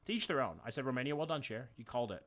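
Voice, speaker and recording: A man's voice: mid-range voice, animated, racing, fairly bright tone. A man streaming a game live, thinking aloud, swearing casually and greeting viewers by name. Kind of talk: casual live-stream chat while playing.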